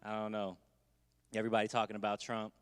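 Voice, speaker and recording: A man's voice: fairly low pitch, monotone, quick pace, clean tone, in a large hall. A man doing a stand-up comedy set, laid-back and conversational with wry asides.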